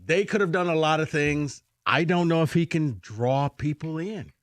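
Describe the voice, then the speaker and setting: A man's voice: a little high, moderate pace, no room sound. A man co-hosting sports talk radio, defensive and mock-aggrieved, speaking into a studio microphone. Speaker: radio co-host.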